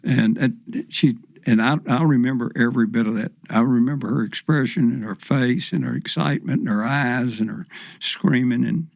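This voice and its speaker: Older man with a gravelly drawl. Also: medium pitch, moderate pace, dry recording. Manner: folksy, rambling storyteller with many fillers. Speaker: podcast guest, professional fisherman. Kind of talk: storytelling in casual chat.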